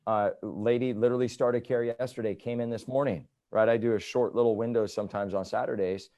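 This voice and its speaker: A man's voice: mid-range voice, fairly quick, hardly any pauses. A man in his thirties, a chiropractor, telling patient stories in a casual interview, often tagging "right?" onto his points. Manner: animated storytelling, repeats "right?" often.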